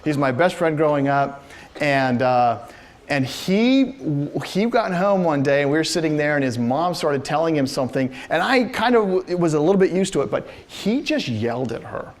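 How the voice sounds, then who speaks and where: A man's voice: on the high side, moderate pace. A middle-aged man giving a classroom lecture, telling personal stories and acting out the voices in them with frequent laughter. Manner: animated storyteller, acts out quoted voices, laughs often. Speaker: university lecturer.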